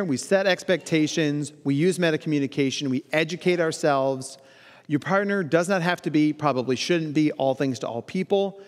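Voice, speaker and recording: A man in his thirties with a fairly high voice delivers a lively keynote talk, slipping into quick voices for the people he quotes. His voice carries a long reverb from the big hall he speaks in. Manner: animated, playful, acts out quoted voices. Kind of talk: conference talk. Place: large conference hall.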